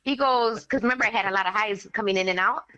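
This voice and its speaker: A woman, a guest telling a story in casual animated talk, acting out the voices of others. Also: medium pitch, quick pace, dull audio. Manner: animated, acts out quoted voices, swears casually.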